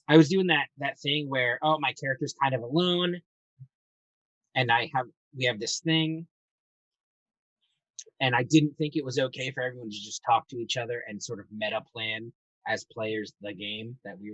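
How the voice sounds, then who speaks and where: A man's voice: medium pitch, moderate pace, fairly bright tone, no echo. Rambling, swearing man on a distant mic. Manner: rambling, enthusiastic storyteller who swears casually. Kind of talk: casual chat.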